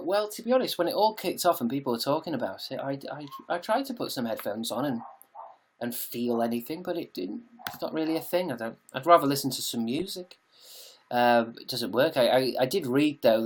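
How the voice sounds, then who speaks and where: A man's voice: mid-range voice, a little hiss or hum. A British man chatting casually on a live stream, reading out viewer comments and answering them in a jokey, sweary way from his home.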